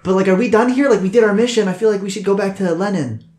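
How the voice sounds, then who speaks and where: A man doing a squeaky, high-strung soldier commissar. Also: rapid-fire, a little mellow, natural voice. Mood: nervous. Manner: squeaky, shrill, breaking into giggles. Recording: echoey room.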